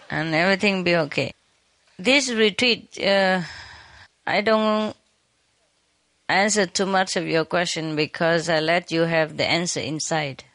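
A woman's voice: on the low side, takes it slowly, pauses often, fairly bright tone, no echo. A woman teacher giving an informal talk to a retreat audience, teasing them playfully with frequent laughter and switching between English and Chinese.

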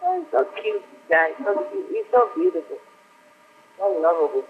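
A woman's voice: medium pitch, sing-song, moderate pace, phone-quality sound, a little hiss or hum. An older woman, a spiritual teacher, chatting playfully in a casual storytelling way, often laughing and repeating her words over a video call. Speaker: spiritual teacher answering questions.

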